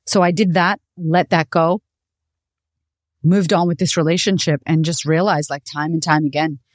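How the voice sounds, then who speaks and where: A woman's voice: low-pitched, fairly even intonation, moderate pace, dry recording. Woman podcast host, raw and profane, dry close recording. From United States. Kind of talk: candid personal storytelling.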